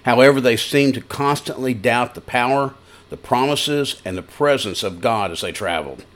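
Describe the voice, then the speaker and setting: A male pastor delivering a broadcast sermon in a middle-pitched voice. He talks in a conversational, folksy way, moving from stories into scripture reading. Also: normal speed.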